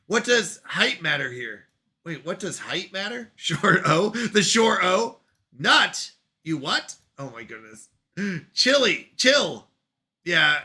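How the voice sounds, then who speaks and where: High bright-voiced laughing streamer man. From Canada. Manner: laughing, playful, bantering with chat. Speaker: livestream host reading chat. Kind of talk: casual live-stream chat. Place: at home on a couch.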